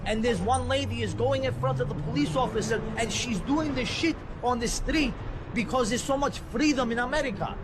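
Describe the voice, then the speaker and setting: A man's voice: very high voice, a little fast, background noise. A man playing a wide-eyed foreign tourist amazed by America, speaking broken English and gushing about everything he sees on a city street. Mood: gushing amazement. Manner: broken English, gushing, repeats "number one". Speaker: street prank video maker. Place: outdoors on a busy city street.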